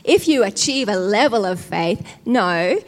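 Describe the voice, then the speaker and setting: A woman's voice: medium pitch, expressive, a little slow. A woman preacher giving a sermon in an emotional, fervent but conversational way. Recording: long hall reverb.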